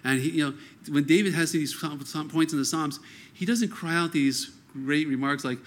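A man preaching a sermon, earnest and conversational, reading scripture and breaking into animated quoted outbursts. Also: fairly high pitch, normal speed. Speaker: pastor.

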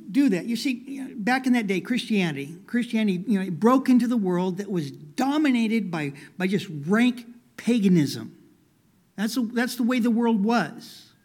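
A pastor telling a story in his sermon, folksy and full of "you know", dropping to a hush and then rising with emphasis. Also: high voice. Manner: folksy, many "you know" fillers, swings from hushed to emphatic.

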